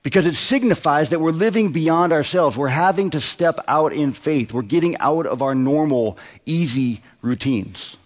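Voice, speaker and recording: A man's voice: on the high side, lively intonation, moderate pace, few pauses. Conversational preaching man, church reverb. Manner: conversational preaching with rhetorical questions. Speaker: pastor. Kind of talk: sermon. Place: church sanctuary. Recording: long hall reverb.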